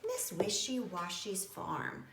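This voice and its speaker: A woman teacher giving a slow, expressive read-aloud lesson to young children. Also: medium pitch, gravelly, background noise. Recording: roomy with faint ambience.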